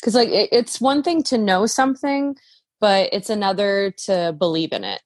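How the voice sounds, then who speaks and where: A woman filmmaker as a guest on a podcast, talking in a friendly, giggly, relaxed way. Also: mid-range voice, normal speed, no echo. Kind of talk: casual interview chat.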